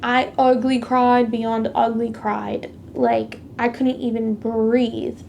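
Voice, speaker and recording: This vlogger's voice is a little high, creaky and darkish, slow with little pitch movement, over slight background noise. Sharing her faith testimony, she chats casually, relies heavily on "like," and emphatically retells a past conflict, stressing its big moments.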